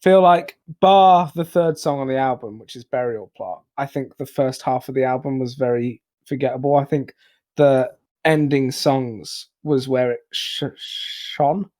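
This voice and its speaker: A young man co-hosting a casual album review chat, rambling with restarts and quick laughs. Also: medium pitch, a little mellow. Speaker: podcast co-host.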